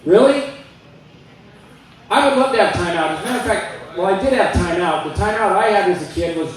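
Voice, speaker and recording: A club comedian with a high, animated voice runs through his stand-up set, keeping it loose and conversational with quick voiced asides. The room echoes, and the mic is set back at a distance.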